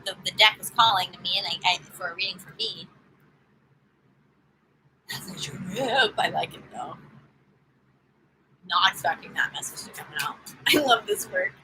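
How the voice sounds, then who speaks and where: A woman's voice: mid-range voice, moderate pace, a bit bright, slight background noise, rough recording. A woman giving a live-streamed tarot reading, chatting in an upbeat, casual way straight to her viewers. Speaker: tarot reader.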